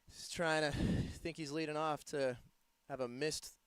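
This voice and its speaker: Playful, excitable American male sports commentator; somewhat high, smooth voice, dry close sound. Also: unhurried, dry recording. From United States. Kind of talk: live play-by-play commentary.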